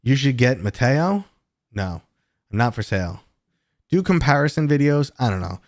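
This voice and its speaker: A man's voice: mid-range voice, sing-song, normal speed, no echo, studio quality. A man in his thirties hosts a livestream, chatting casually and rambling as he answers viewer questions. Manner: rambling, chatty, with many fillers and restarts. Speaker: host.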